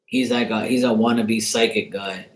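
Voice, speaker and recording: A man's voice: fairly low pitch, steady tone, normal speed. A man hosting a tarot channel, telling a profane story in a casual, laughing rant. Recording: roomy echo.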